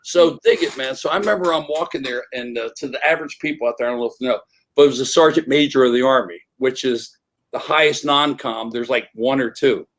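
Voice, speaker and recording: An older man, an interview guest on a remote call, telling animated stories and acting out other people's voices. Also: mid-range voice, fast talker, low-quality recording. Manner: animated, acts out voices in anecdotes. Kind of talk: casual storytelling.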